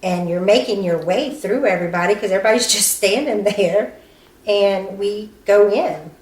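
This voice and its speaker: A woman interviewed about her sister's death, speaking haltingly and acting out what people said to her. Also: mid-range voice, a little mellow. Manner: halting, acts out quoted dialogue, frequent "um" and "you know". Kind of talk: recounting events in an interview. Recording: echoey room with faint background noise.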